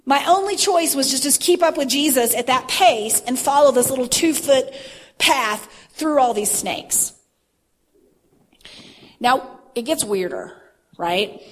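A woman telling about a religious vision in a chatty, animated way with lots of fillers. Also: a little high. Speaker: Christian vision sharer. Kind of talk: casual testimony talk. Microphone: phone, handheld.

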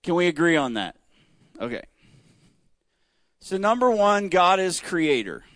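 A man leads a Bible study in a church room, speaking in an unhurried, conversational way. He keeps stopping to ask the group questions and leans on key words for emphasis. The recording is close and dry. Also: high voice, big pitch swings, fairly bright tone, no echo. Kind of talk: interactive church teaching.

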